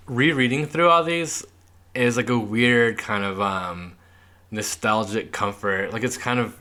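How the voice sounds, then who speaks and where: A young podcast co-host chats casually, reading old newspaper clippings aloud in a loose, laid-back way packed with fillers and lots of "like." His medium-pitched voice is pushed and bright, a little slow.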